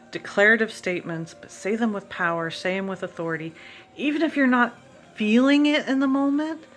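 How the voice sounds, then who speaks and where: A woman's voice: mid-range voice, a bit bright. A woman vlogger giving an earnest, emphatic motivational monologue to encourage her viewers.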